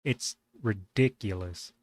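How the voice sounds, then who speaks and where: A man's voice: fairly low pitch, takes it slowly, darkish tone, no echo. Give me a sarcastic, indignant man hosting a reaction video, dry close recording. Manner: sarcastic, indignant, many rhetorical questions. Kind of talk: casual commentary reacting to a video.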